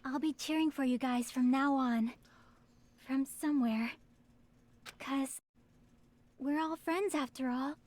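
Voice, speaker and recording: An actress voicing a polite, formal young princess in a video game, speaking with earnest gentleness. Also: female voice, sits high, slow, long pauses. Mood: tender.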